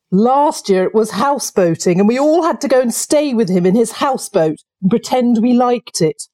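A woman voicing a chatty male water rat in a storybook reading, brisk and gossipy. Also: fairly high pitch, mellow, pitched above the performer's own voice. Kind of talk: storybook voice acting.

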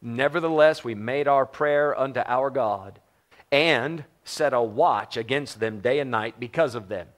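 A man's voice: mid-range voice, unhurried. A middle-aged man from the United States preaching a sermon in a conversational, joking way, often putting questions to the congregation. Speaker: pastor.

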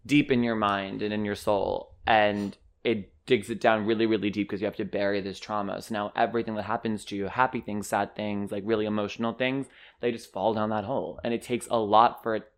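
A young man co-hosting a podcast, chatting casually about a book, often jumping into excited high-pitched outbursts. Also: a little fast. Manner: animated, jumps into high squeals when excited. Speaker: podcast co-host. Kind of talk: casual book-club chat.

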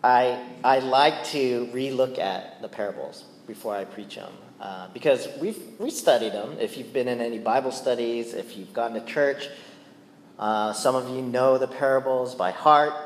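A man's voice: mid-range voice, normal speed, slight background noise. Playful male pastor in an echoey hall. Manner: playful and conversational, often asking "right?". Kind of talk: sermon. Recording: echoey church hall with long reverb.

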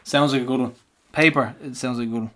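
A man's voice: medium pitch, fairly even intonation, fast, a bit bright. An Irish man co-hosting a casual football podcast, joking and bantering and mimicking people as he tells stories. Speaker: podcast co-host. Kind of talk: casual chat about football.

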